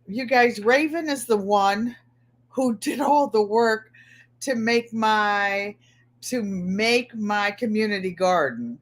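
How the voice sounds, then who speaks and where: With a medium-pitched, expressive voice and a slow delivery, a middle-aged woman from Connecticut runs a laid-back livestream. She greets viewers by name, talks about her week and frequently repeats what she says.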